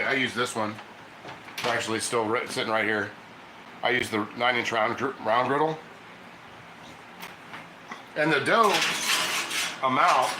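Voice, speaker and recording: A man's voice: mid-range voice, echoey room, background noise. A man from Ohio hosting a casual cooking livestream from his home kitchen, rambling and chatting with viewers as he reads their comments.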